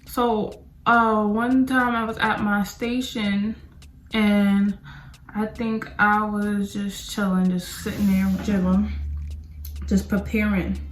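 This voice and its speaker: A young woman, telling a rambling, animated storytime while doing her makeup for a beauty vlog. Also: medium pitch. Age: young adult. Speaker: beauty vlogger. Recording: echoey room.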